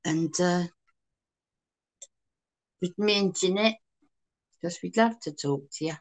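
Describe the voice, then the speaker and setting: A woman with a Cockney accent co-hosting a live chat stream, talking casually and warmly to her viewers. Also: fairly low pitch, takes it slowly. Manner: chatty, calls people sweetheart and darling.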